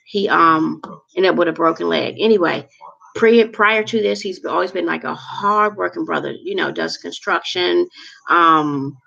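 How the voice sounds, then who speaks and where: A woman's voice: on the low side, normal speed, vocal fry, sharp tone, dull audio. A woman in her forties telling a personal story to camera in a chatty, rambling, emotional way with lots of fillers. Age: 40s. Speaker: vlogger.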